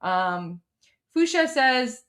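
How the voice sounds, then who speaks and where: Woman doing a live stream, kinda high voice, blunt and chatty, lots of likes and ums, reacting to chat. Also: big pitch swings, extremely slow, fairly bright tone. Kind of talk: casual live-stream commentary reading viewer chats.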